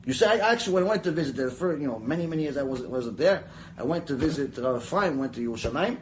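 Animated high-voiced male Torah teacher. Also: quick pace, slight background noise, poor audio. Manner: animated, acts out the voices in his stories; chatty, drifts into asides. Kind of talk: Mussar lecture with storytelling.

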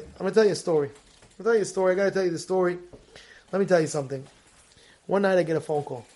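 A man teaching an informal Torah lesson, animated, repeating phrases for emphasis and asking the audience questions. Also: high voice. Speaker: rabbi teaching a Torah class.

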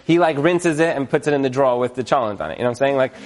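A man teaching about marriage in a casual, animated way, acting out little scenes and chuckling as he goes. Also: medium pitch, very fast. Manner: animated, acts out quotes, chuckles often. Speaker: marriage educator.

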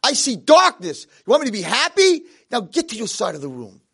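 A man's voice: very high voice, wildly swooping pitch, brisk, a bit bright, husky, pitched above the performer's own voice, full character voice. A screeching cranky blind old man. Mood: bitter. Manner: screaming, bitter.

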